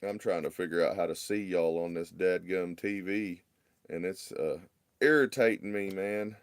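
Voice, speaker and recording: Very low-voiced frustrated man. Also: fairly even intonation, moderate pace, a little mellow, dry recording. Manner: frustrated, muttering, drawling. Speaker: RC hobby livestream host. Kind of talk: casual livestream talk. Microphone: phone.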